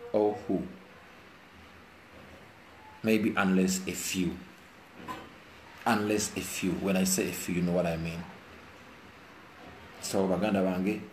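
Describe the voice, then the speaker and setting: Fairly low-pitched and darkish in tone, a man from Uganda gives viewers an emotional, earnest and preachy commentary, alternating Luganda and English. He's indoors while it rains outside; the recording has a roomy echo and faint background hiss.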